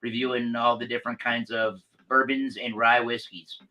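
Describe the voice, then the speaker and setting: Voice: medium pitch, flat delivery, normal speed, sharp tone, muffled recording. A guest on a casual live stream, chatting in an upbeat way.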